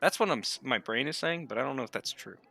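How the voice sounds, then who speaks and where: A man's voice: mid-range voice, animated, fast, creaky, pushed and bright. A man playing a tabletop game, talking in a rambling, hesitant way with lots of restarts. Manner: rambling, hesitant, self-correcting. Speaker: player. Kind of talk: casual tabletop play.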